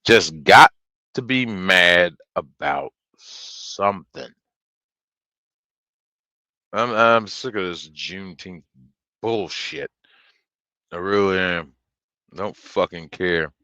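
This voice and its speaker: A man's voice: sits low, takes it slowly, long pauses, sharp tone, no room sound. A man streaming, telling rambling stories with lots of swearing and fillers. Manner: profane, rambling, with many fillers. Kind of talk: casual storytelling chat.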